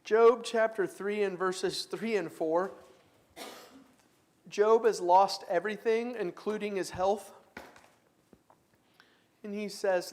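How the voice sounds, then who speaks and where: A man's voice: high voice, fairly even intonation, takes it slowly, long pauses, a little mellow. A man leading a church Bible class in a conversational way, taking comments and reading scripture aloud with emphasis. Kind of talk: church class teaching with discussion.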